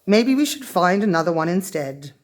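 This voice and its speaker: A woman's voice: fairly low pitch, very animated, normal speed. A woman voicing a confident, bossy young girl who talks in a sure, matter-of-fact way, in a storybook reading.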